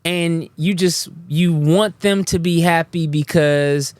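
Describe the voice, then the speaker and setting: A man hosting a casual chat show, animated and laughing often, acting out quoted lines in a high voice. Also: slow pace, no echo, studio quality. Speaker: host.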